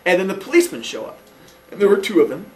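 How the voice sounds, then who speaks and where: A man in his forties telling a childhood story casually, animated and laughing often, acting out quotes in a high voice. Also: racing, recorded from a distance, crowd noise. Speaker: podcast host.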